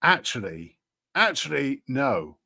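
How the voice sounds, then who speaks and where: A man's voice: medium pitch, sing-song, slow pace, vocal fry, bright, forceful tone. A man hosting a casual commentary show, sarcastic and rambling, with frequent hesitations. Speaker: host.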